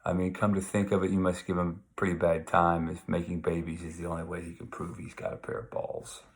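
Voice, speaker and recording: A man reading aloud as a mocking, sharp-tongued troubled young man, needling and taunting, with creak in his voice. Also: low-pitched, monotone, brisk. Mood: scornful.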